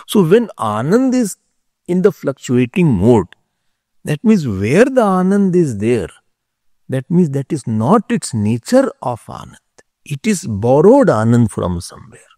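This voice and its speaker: A man teaching a philosophy class, explaining slowly, repeating key terms and checking whether his listeners follow. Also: a little high, big pitch swings, warm tone, no echo, clean studio sound. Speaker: spiritual teacher.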